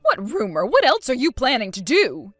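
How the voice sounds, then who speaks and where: A woman performs an exaggerated take on a scheming elderly grandmother in a texting story, indignant, self-pitying, and always on the defensive. The slightly high voice has lively swings at normal speed, dry and close with faint music underneath.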